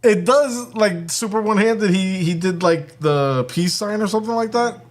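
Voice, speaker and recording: A man's voice: high-pitched, normal speed. A man hosting a casual live stream and joking with his chat while building a kit, often breaking into laughter.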